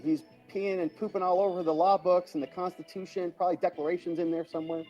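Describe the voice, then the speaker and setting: Man, livestream host, lively swooping pitch, mellow tone, faint music behind. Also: a little fast. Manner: chatty, thanks viewers by name, chuckles often. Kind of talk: casual livestream, reading viewer comments aloud.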